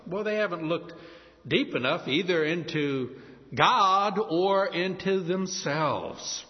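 A man delivers a sermon in a lively voice that rises and falls sharply, sitting a bit high for a man. He slows down for dramatic weight on the words he wants to land. The recording has a long reverb from a large church room and a dull, lo-fi tone. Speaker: pastor.

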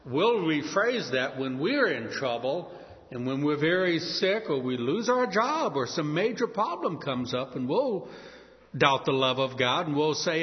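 A man delivers a sermon in a lively voice that rises and falls sharply, sitting a bit high for a man. He slows down for dramatic weight on the words he wants to land. The recording has a long reverb from a large church room and a dull, lo-fi tone. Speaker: pastor.

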